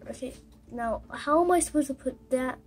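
A woman giving casual gameplay commentary while playing, halting and exasperated, with many fillers. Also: high-pitched, a little hiss or hum. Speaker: gamer recording gameplay.

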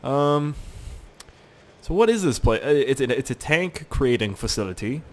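Very animated and a little fast, this young man's medium-pitched voice carries his casual let's play commentary on a gaming channel. He is goofy, jokes around and swears freely.

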